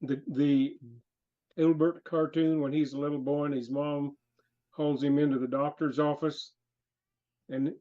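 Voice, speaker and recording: A man who is a guest on a livestream, chatting casually in a halting way. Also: on the high side, flat delivery, dark tone. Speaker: guest on the stream. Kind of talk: casual chat. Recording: dull lo-fi call audio.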